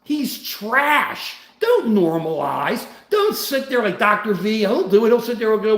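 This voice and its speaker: A man's voice: high-pitched, big pitch swings, normal speed, hardly any pauses. Older man, livestream host, blunt ranting, echoey room. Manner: blunt, ranting, greets viewers. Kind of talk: political livestream chat.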